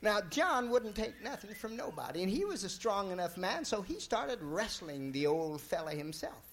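A man telling a folk tale in a drawling, folksy, relaxed way. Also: high-pitched, normal speed. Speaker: storyteller.

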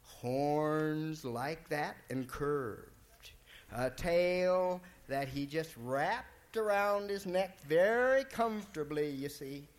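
A man telling a folk tale in a drawling, folksy, relaxed way. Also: fairly high pitch, extremely slow. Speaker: storyteller.

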